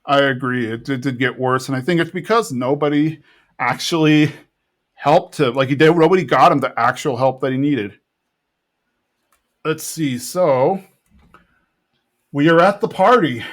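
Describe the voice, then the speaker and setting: Man, podcast co-host, casual rambling recap, slightly higher voice. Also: a little slow, long pauses. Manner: rambling, with frequent restarts and hedging.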